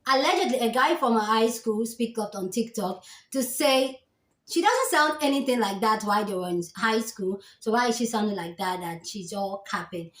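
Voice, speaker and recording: A woman with a Nigerian accent, hosting a reaction video and calmly explaining her view in casual commentary. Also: on the high side, moderate pace, roomy sound. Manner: calm, explanatory, thinking aloud.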